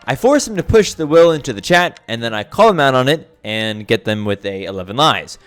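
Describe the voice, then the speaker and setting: Man, gameplay commentary, lively up-and-down pitch, thinking out loud, faint music underneath. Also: a little fast, clear, resonant tone. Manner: lively, thinks aloud with many restarts and fillers.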